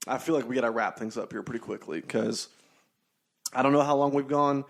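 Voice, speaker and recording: A man's voice: medium pitch, normal speed. A young man hosting a casual solo podcast, telling stories and talking sports in a rambling, profane way full of fillers. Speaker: podcast host.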